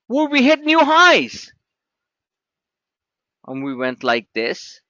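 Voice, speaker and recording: Emphatic high-voiced man hosting a trading webinar. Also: huge pitch swings, takes it slowly, bright, forceful tone, dry recording, highs cut off. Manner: emphatic, repetitive, talks straight to viewers. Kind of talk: live webinar chart walkthrough.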